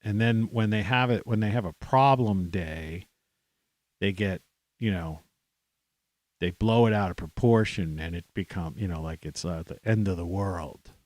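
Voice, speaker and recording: A middle-aged American man talks in a loose, meandering monologue, restarting sentences and dropping "you know" everywhere. His voice sits on the low side. The sound is dry and close, with no room around it. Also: a little slow, darkish tone, no room sound. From United States. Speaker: livestream host. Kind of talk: rambling casual monologue.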